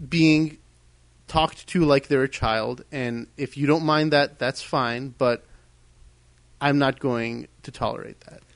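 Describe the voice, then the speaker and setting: A man's voice: medium pitch, steady tone, takes it slowly, vocal fry, no echo. A man co-hosting a podcast in a casual discussion, ranting heatedly and emphatically. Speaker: podcast co-host.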